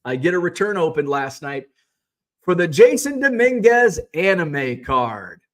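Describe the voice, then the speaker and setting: Hosting a casual livestream where he sells sports cards, a middle-aged man reads viewer comments and rants with sarcasm and profanity. His voice is a bit high and a bit slow, with big swings in pitch. He rambles and often restarts his sentences.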